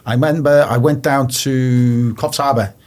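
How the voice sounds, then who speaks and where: A man's voice: medium pitch, steady tone, moderate pace, darkish tone. Blunt, swearing man telling his story. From England. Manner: blunt, swears often, retells phone calls with quoted voices. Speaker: interview guest. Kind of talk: casual storytelling.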